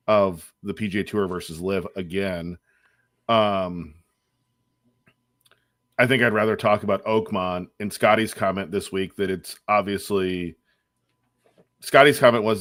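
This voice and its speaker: A man's voice: low-pitched, fairly even intonation, normal speed, a bit bright, dry recording, studio quality. A man co-hosting a casual golf podcast, rambling with restarts and cutting in on others. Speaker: podcast co-host. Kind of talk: casual sports chat.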